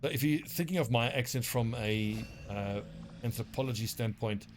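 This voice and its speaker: With music in the background, a South African man gives casual gameplay commentary while streaming, rambling, profane and self-mocking. He has a mid-range voice and a moderate pace.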